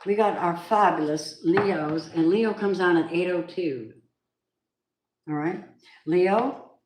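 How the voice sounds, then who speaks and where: A chatty woman reads tarot cards for her viewers, talking casually and reacting out loud. Her voice sits on the low side for a woman. The recording is echoey with a faint background hiss. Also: slow pace. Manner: chatty, excitable, gasps and laughs, breaks into song. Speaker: tarot reader. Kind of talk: casual tarot reading livestream. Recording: echoey room with faint noise.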